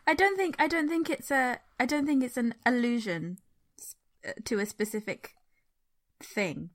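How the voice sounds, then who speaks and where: Chatty woman with a slightly high voice. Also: moderate pace. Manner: rambling, lots of fillers and restarts, laughs easily. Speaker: podcast co-host. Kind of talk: casual book discussion.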